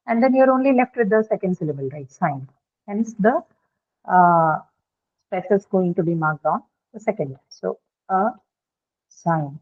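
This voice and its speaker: A woman teaching English pronunciation, explaining step by step and checking with her students as she goes. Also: mid-range voice. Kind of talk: online pronunciation lesson. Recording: tinny phone-like line.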